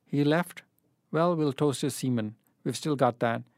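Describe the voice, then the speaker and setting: A man's voice: medium pitch, a little slow, no room sound, clean studio sound, lightly acted. A man reading the lines of a brash woman who gives a joking party toast.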